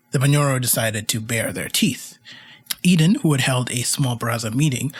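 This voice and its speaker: Male history podcaster; husky tone, lively delivery, chatty and wry. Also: on the high side. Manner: animated, wry, asides to listeners. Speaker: podcast host. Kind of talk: casual storytelling narration of history.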